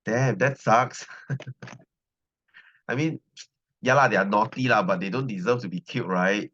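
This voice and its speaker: At a measured pace, a man with a fairly low, fairly bright voice talks casually with his students. He's a Malaysian science teacher from Selangor using Malaysian English, chatty and repetitive, forever asking "right?". The recording is lo-fi and dull.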